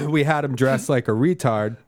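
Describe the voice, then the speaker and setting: A man's voice: mid-range voice, measured pace, a little hiss or hum. A man in casual podcast chat, telling a comedy club story and acting out the lines of the people in it, swearing freely.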